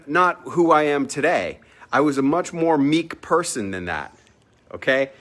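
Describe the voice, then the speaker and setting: A man, an entrepreneur, telling a personal story to camera in a casual, emphatic, boastful way, swearing freely and acting out the people he quotes. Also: fairly high pitch. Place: at a villa at sunset.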